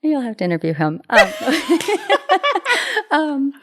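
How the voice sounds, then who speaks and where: A middle-aged woman, a matchmaker and relationship expert, telling a heartfelt story in a gentle, earnest way and repeating phrases for emphasis. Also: sits high, wildly swooping pitch, takes it slowly, a little hiss or hum.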